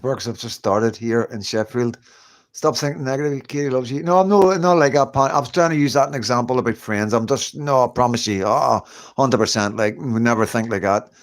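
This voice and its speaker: At home indoors, a middle-aged man chats on a livestream in a casual, reassuring, conversational way, repeatedly saying "you know what I mean." His voice is medium-pitched and brisk.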